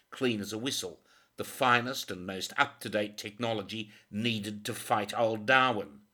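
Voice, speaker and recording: A man reading a crime novel as scripted audiobook narration, measured and dramatic. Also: fairly low pitch, bright, forceful tone.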